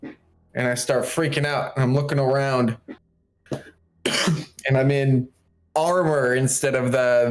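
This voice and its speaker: A man describes his tabletop character in the first person at a slow, unhurried pace. His tone is mid-pitched and conversational. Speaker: player. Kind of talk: in-character roleplay narration.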